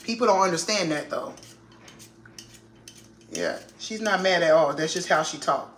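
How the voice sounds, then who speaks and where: A loud, assertive woman chats casually while she cooks. Her voice is bright and forceful. It rings around an echoey kitchen, with pots and dishes clattering behind her. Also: on the low side, lively intonation, a little hiss or hum. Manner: loud, assertive, quick to laugh. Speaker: vlogger. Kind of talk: casual family cooking vlog. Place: home kitchen.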